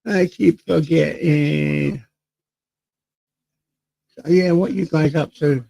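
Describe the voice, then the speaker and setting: An English man hosts a laid-back live stream from home, reading out the chat and greeting viewers one by one. His voice sits a little high and has a gravelly edge. He sometimes leans away from the desk mic. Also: steady tone, slow, mellow, dry recording, rough recording. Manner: chatty, greets viewers by name, reads chat aloud. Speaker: livestream host. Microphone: desk mic, sometimes off-axis.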